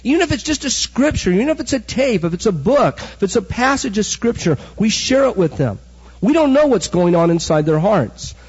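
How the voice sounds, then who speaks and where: A middle-aged man preaching a sermon, animated storytelling that acts out the quotes. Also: high voice, a little fast, husky. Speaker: pastor. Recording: dull recording with hall echo.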